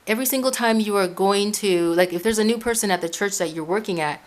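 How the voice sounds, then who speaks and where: A woman's voice: mid-range voice, fast. A woman from Ecuador talking casually to her viewers from home, giving advice in a rambling way with many restarts and repeated words. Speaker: Christian video blogger.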